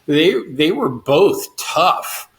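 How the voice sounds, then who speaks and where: A man in middle age tells his story to an interviewer in a slightly high voice. He speaks earnestly and quotes his past thoughts with rising force. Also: sing-song, very slow. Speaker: guest, cancer survivor and swimmer.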